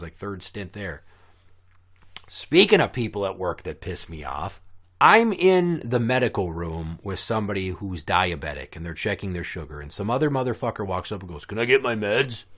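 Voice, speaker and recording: A man hosting a casual podcast, telling stories in a blunt, sarcastic, profane rant. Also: lowish voice. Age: adult with kids. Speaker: podcast host. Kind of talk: casual ranting podcast chat. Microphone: podcast microphone.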